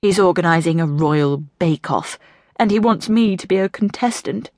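A woman voicing a sulky grown man king who moans slowly and gloomily. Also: fairly low pitch, darkish tone, dry recording, clean studio sound, close to an everyday voice. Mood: moaning. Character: moaning, self-pitying grown man king.

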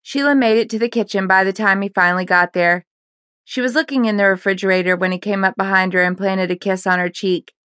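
A woman narrating a fiction audiobook in a steady, even storytelling manner on a close microphone. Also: medium pitch, brisk, clean tone, no room sound.

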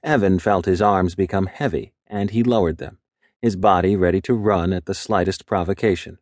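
A man reading an audiobook in a measured, even storytelling voice. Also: low-pitched, dry recording, clean studio sound. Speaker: audiobook narrator. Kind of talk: scripted narration.

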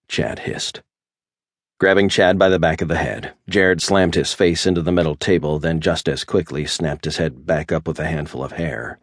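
A man reading an audiobook in scripted narration, low and steady, with menace when he voices the hero. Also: moderate pace, no room sound, clean studio sound.

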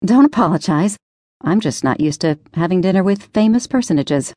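A woman voicing a frank, wry woman on a dinner date who talks in a brisk, teasing way. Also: lowish voice, lively intonation, dark tone, no echo, studio quality, voice pushed up. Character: confident, wry Italian-American woman on a date.

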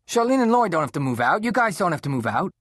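A man's voice: high-pitched, big pitch swings, very fast, fairly bright tone, no echo, clean studio sound, voice pushed up, exaggerated voice. A man voicing an upset teenage boy pleading in an audiobook. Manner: pleading, raised voice.

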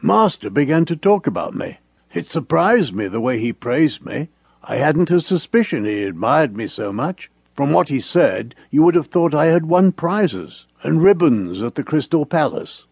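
A man's voice: a little high, big pitch swings, moderate pace, creaky, darkish tone, husky, dry recording. A man narrating an audiobook story in the first person as a cheerful, friendly dog.

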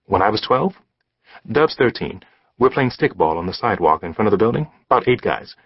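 A husky male narrator with a lively, swinging pitch, telling the story in a streetwise, conversational way. He is close to the mic in a dry booth, and the sound is slightly dull. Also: fairly quick, no room sound. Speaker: audiobook narrator. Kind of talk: scripted narration. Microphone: close studio mic. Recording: slightly dull studio audiobook recording.

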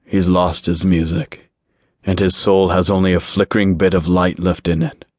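A man's voice: deep voice, little pitch movement, moderate pace, dry recording. A man voicing a sardonic, skeptical male angel who talks in a dry way, in an audiobook. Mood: weary.

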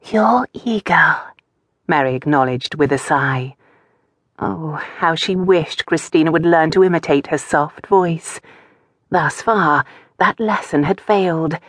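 A woman narrating an audiobook novel in a calm, measured storytelling manner. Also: low voice, no room sound, clean studio sound. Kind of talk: scripted narration.

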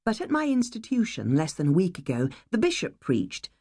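A woman reading a first-person novel aloud, measured and wistful. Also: on the low side, wildly swooping pitch, darkish tone, no room sound, clean studio sound. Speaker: audiobook narrator. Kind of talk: first-person audiobook narration.

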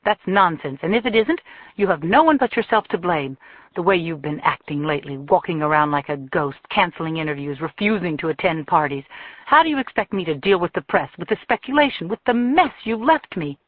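A woman's voice: on the low side, lively intonation, fairly quick, dry recording. A woman narrator voicing a cold, demanding mother who scolds her grown violinist daughter, in an audiobook. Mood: scolding. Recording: thin phone-like dry sound.

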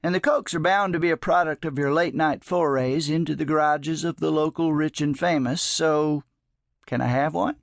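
A man's voice: on the high side, moderate pace, vocal fry, no room sound, studio quality. A man doing Jones, a folksy old drifter. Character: folksy old male drifter, gentle and teasing.

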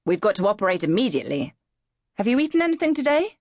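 A woman's voice: mid-range voice, big pitch swings, quick pace, dry recording. Woman playing a curt male doctor. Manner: curt, clipped delivery. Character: curt male doctor, brusque and matter-of-fact.

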